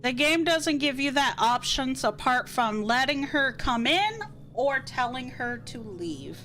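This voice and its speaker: A woman streamer chatting casually with viewers, expressive and flustered. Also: high voice, a little slow, soft background music. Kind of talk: casual livestream chat.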